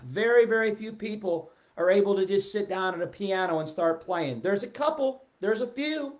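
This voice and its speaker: A middle-aged man giving a casual, animated sales talk on a live stream, seated and reading out viewer comments. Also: high-pitched, normal speed. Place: indoors, seated in a chair. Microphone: webcam or phone at a desk, seated.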